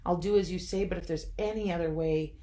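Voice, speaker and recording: A woman's voice: lowish voice, steady tone, brisk, dark tone, lightly acted. A woman reading the lines of Jesus as a frightened young man who pleads and then grows angry. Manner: pleading, rising to anguished anger.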